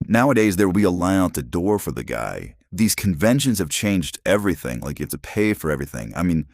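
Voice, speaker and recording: A man's voice: sits low, big pitch swings, a little fast, dry recording, clean studio sound. A middle-aged man telling rambling, chatty stories and rants as a comics vlogger. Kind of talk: casual storytelling and ranting.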